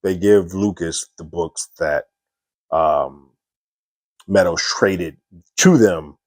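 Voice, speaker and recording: A man's voice: sits low, takes it slowly, a little mellow, no room sound. A man giving a casual spoken review of a TV episode, recapping scenes loosely with lots of fillers and quoted dialogue.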